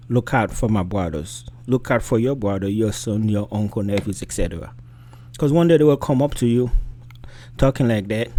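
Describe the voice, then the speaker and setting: A man talks straight to his viewers in a reaction commentary, mellow in tone and emphatic in delivery. He keeps asking pointed rhetorical questions in a loose, casual way. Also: mid-range voice. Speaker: reaction video host.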